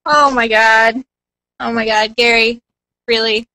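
A woman chimes in as a guest on a gaming chat show, bubbly and mischievous. Her voice is fairly high and sharp-edged, and the recording is dry and close. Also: steady tone, takes it slowly, no room sound, low-quality recording. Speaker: podcast guest. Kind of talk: casual gaming podcast chat.

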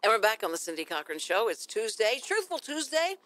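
An older woman hosts a casual radio chat show. Her pitch swings widely as she talks, and she sounds chatty and teasing. The sound is dry and close. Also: sing-song, a little fast, fairly bright tone, no echo, soft background music. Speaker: radio talk show host.

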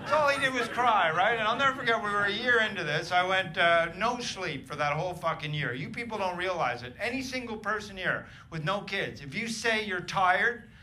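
A middle-aged man doing a profane stand-up comedy set in a club, ranting with loud punchlines. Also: sits high, expressive, fairly quick. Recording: noisy live club recording. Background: audience laughter.

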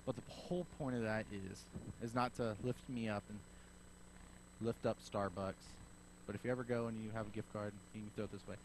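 A man preaching a sermon as pastor, telling a story in a lively way and acting out both sides of the conversation. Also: mid-range voice, slight background noise, low-quality recording. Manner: animated storyteller acting out dialogue.

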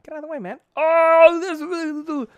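A man giving goofy let's play commentary, talking to the game and bursting into shouts when things go wrong. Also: extremely high pitch, steady tone, measured pace, dry recording, highs cut off.

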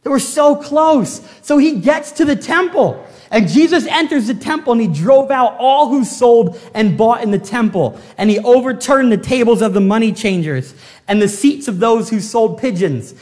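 A man preaching a sermon as pastor, telling the story with animated swings from loud to hushed. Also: very high-pitched, normal speed, big-room sound. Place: church sanctuary.

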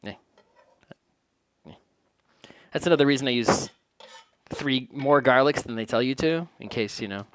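A man's voice: mid-range voice, normal speed, pauses often, a little hiss or hum. Joking man narrating his home cooking. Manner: joking, rambling, self-deprecating. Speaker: home cook vlogger. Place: home kitchen.

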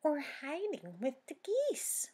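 A woman's voice: high voice, slow pace, voice pushed up, full character voice. A woman voicing an eager little girl searching a farm for a monster in a picture book. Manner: bright, excited storybook reading.

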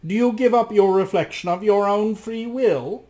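A man doing a sly old magician from a storybook, his voice pitched high and shrill. He drawls each offer slowly, savoring the trap with gloating craft. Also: a little mellow, natural voice. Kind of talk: storybook reading.

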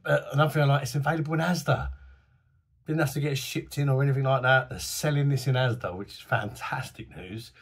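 A man with a husky voice, casually reviewing a beer to camera in a chatty, enthusiastic, slangy way, his voice going a bit hoarse. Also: mid-range voice, fast. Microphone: phone camera.

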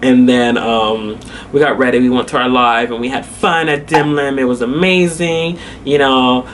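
A man's voice: mid-range voice, fairly even intonation, moderate pace, fairly bright tone, a little hiss or hum. A young man vlogging casually, telling a story with lots of fillers and frequent laughter.

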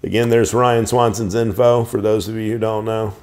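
Man, middle-aged, low-ish voice, casual show-and-tell, enthusiastic, rambling. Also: level tone, moderate pace, a little mellow. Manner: enthusiastic, rambling with restarts and fillers. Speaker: knife collector reviewing knives.

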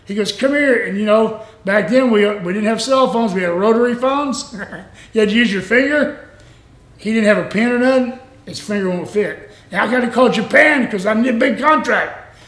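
An older man, a former wrestler telling stories in a rambling, animated way and laughing often. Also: high voice, moderate pace, echoey room. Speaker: former pro wrestler, interview guest. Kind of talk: casual storytelling interview.

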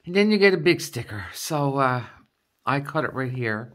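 A woman's voice: a bass voice, lively intonation, normal speed. A middle-aged woman vlogging a craft kit unboxing, explaining each item in a chatty, step-by-step way. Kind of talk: casual unboxing chat.

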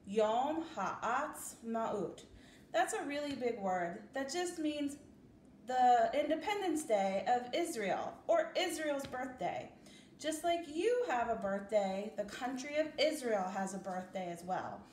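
Young preschool teacher lady, super slow sing-song talk, coaxing kids along, echoey room. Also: high-pitched, animated, darkish tone, slight background noise. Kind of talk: circle time for preschoolers.

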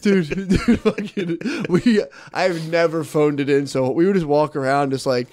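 A man's voice: fairly high pitch, fairly even intonation, unhurried, darkish tone, dry recording. A man co-hosting a podcast, telling rambling, profane stories in casual chat and often laughing as he talks. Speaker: podcast co-host.

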